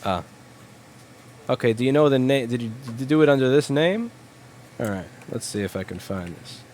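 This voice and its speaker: A man's voice: medium pitch, lively intonation, normal speed, darkish tone, a little hiss or hum. Blunt, profane man chatting on a livestream. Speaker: livestream host, repair shop owner. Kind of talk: casual livestream chat answering viewers.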